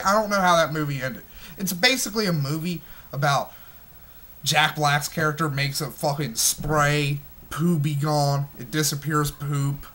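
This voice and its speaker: A man in his twenties rants through a movie review in a tense, forceful voice that sits a little high. His talk is agitated and thick with profanity. He keeps stumbling into restarts mid-sentence. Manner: smoking while talking.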